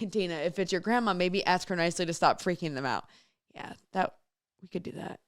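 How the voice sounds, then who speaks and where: A woman's voice: lowish voice, fairly quick, no echo, studio quality. A woman hosting a radio show solo, telling a story in a chatty way and reading listener messages aloud. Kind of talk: casual solo radio chat.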